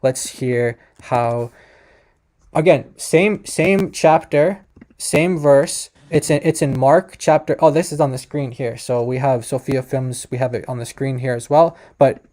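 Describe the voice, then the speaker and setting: With a dark, mid-range voice and a slightly slow pace, a man hosts a language-explainer video. Talking straight to his viewers, he keeps it casual, peppered with fillers and false starts.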